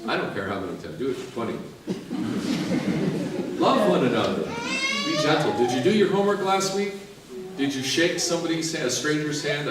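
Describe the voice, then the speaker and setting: A male priest preaching a sermon, lively and joking as he urges the listeners on. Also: mid-range voice, noisy background. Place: large church. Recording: echoey church from far off.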